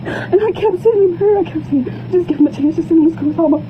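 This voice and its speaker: A woman's voice: very high voice, quick pace, narrow, tinny audio, a little hiss or hum. A mother confronting school staff indoors, distraught and pleading, repeating her accusing questions, filmed on a phone.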